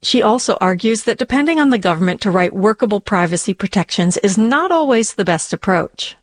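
A woman hosting a podcast, reading scripted narration with a measured, clear delivery. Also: mid-range voice, expressive, no echo. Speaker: podcast host.

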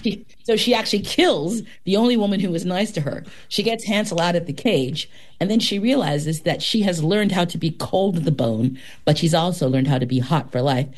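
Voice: medium pitch, a little fast. A professional storyteller in an interview, telling tales dramatically and talking about their work. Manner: dramatic, expressive telling with sound words.

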